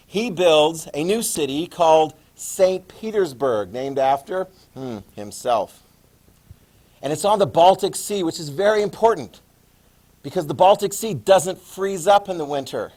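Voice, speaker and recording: A man in his fifties giving a classroom history lecture, lively and joking, acting out quotes. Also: a little high, moderate pace. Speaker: history teacher.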